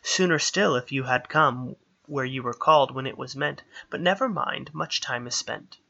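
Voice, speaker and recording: A man's voice: medium pitch, vocal fry, sharp tone, dull audio. A man voicing a stern winged fairy woman who speaks in formal rhymes. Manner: measured, formal rhyming speech.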